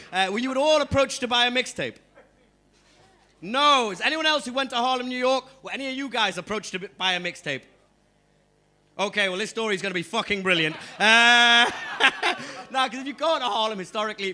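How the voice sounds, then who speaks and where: High, bright-voiced comedian. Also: male voice. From Newcastle upon Tyne, England. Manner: rowdy, swearing, crowd-teasing storyteller. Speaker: stand-up comedian. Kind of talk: stand-up comedy set. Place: comedy club stage.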